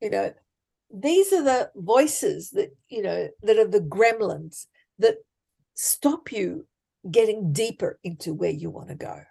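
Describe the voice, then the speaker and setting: A woman life coach, speaking emphatically and deliberately as a podcast guest. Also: medium pitch, very animated, creaky, warm tone, husky. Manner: emphatic, deliberate, acts out example thoughts. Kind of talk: conversational coaching talk.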